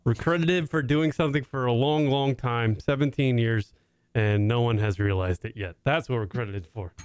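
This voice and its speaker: A man's voice: medium pitch, normal speed, clear, resonant tone. A man in his thirties co-hosting a comedy podcast, telling stories casually with lots of swearing. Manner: profane, animated storytelling. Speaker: podcast co-host.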